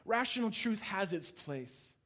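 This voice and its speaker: A man preaching a sermon, moving between animated passages and hushed, intimate ones. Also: high voice, a little slow. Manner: dynamic preaching, swings from loud to hushed. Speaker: pastor.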